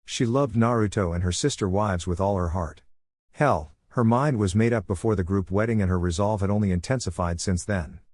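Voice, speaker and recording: A man narrates a fan fiction story in an even, steady reading voice. His pitch sits on the low side, and the sound is dry and close with no room echo.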